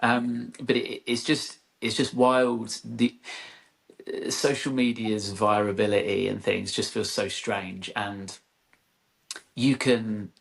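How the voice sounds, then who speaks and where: A man in his thirties, a content creator appearing as a podcast guest, tells stories slowly in a lowish, gravelly, level voice. His casual storytelling is loose and rambling, full of "like" and restarts.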